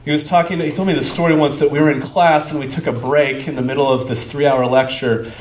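This pastor's voice is on the high side, steady in tone and fast. Preaching in a church sanctuary, he speaks conversationally and stops for fillers as he hunts for words, with the echoey room carrying faint ambience.

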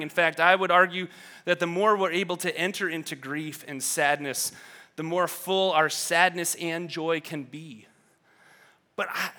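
A man preaching a sermon with fervor, swinging from quiet reflection to loud exhortation and often repeating words as he thinks. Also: high voice. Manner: fervent, swings from quiet to shouting. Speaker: pastor.

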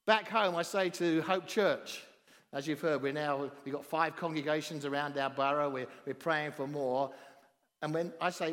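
A high-pitched man with a southern English accent preaches with real emphasis, pushing some phrases nearly to a shout. His voice rings out through a church hall with a long reverb trailing behind every line. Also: moderate pace. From southern England. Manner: emphatic, rising to near-shouting on key phrases. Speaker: visiting pastor. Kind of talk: sermon.

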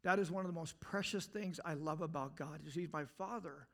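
High-voiced guy preaching, earnest, keeps asking the congregation questions, gets loud then goes quiet. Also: fairly quick. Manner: earnest, rising to emphatic outbursts then dropping low; asks the listeners direct questions. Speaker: pastor. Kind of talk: sermon.

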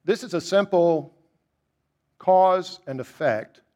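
Man, high voice, preacher, sermon, emphatic, rhetorical questions. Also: takes it slowly. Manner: emphatic, rises high on key points and drops low and quiet for reflection.

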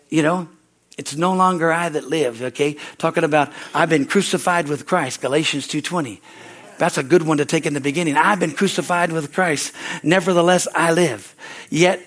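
High-voiced fervent Southern pastor preaching. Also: male voice, a bit bright. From Southern United States. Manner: fervent preaching with call-and-response asides. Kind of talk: sermon. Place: church service.

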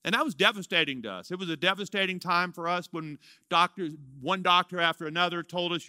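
A man, a pastor telling a personal story in a sermon, animated and swinging between excitement and hushed softness. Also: high-pitched, a little fast, few pauses, clean tone, no echo. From Louisiana, US.

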